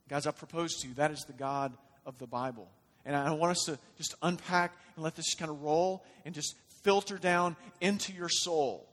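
A man preaches in a high voice. He moves between quiet, conversational asides and loud, impassioned appeals. His voice rings with the long reverb of a large hall. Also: fairly even intonation, moderate pace, few pauses. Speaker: pastor. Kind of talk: sermon.

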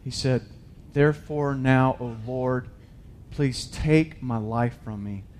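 A man preaching a sermon, reading scripture and paraphrasing it casually, swinging from loud emphatic bursts to hushed asides. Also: mid-range voice, slow, slight background noise.

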